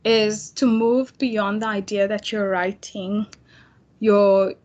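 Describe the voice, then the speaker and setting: A woman's voice: mid-range voice, flat delivery, takes it slowly, a little mellow, highs cut off. A young adult woman teaching an online tutorial in a chatty, casual way, full of fillers and restarts. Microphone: computer mic on video call.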